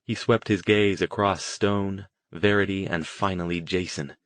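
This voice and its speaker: A man narrating an audiobook in a measured, even storytelling manner. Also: sits low, no echo. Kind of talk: scripted narration.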